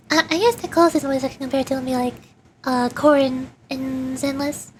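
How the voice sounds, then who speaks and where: A woman's voice: sits high, measured pace, a little hiss or hum. A woman streamer chatting casually and giggling while playing a game. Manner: bubbly, giggly, rambling. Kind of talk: casual gaming chat.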